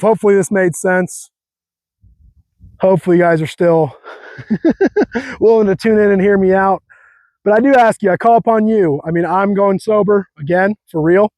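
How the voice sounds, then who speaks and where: A man's voice: high voice, a little mellow, no room sound. A young man hosting a casual faith talk, earnest and fired up, slangy, repeating his phrases. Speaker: host.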